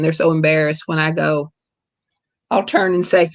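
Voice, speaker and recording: A middle-aged woman from Kentucky with a Kentucky accent, an author answering questions over a video call in a relaxed, storytelling way. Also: on the low side, a little slow. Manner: relaxed, storytelling, laughs easily. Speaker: guest author. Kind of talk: casual lecture Q&A.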